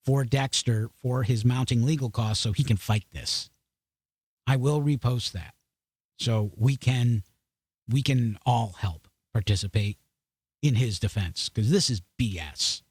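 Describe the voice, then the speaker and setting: A man's voice: mid-range voice, darkish tone, dry recording. Male podcast host, mid-range voice, dry close sound; loose and sarcastic, riffing on the news straight to his viewers. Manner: blunt and sarcastic, talks to viewers directly; loose, restarts often. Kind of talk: opinionated news commentary.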